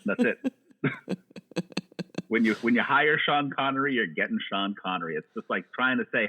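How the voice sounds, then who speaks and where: A man's voice: mid-range voice, big pitch swings, moderate pace, pauses often, slightly rough. A man chatting casually about movies, rambling and joking with lots of restarts. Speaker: podcast guest. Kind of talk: casual chat. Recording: tinny phone-like line.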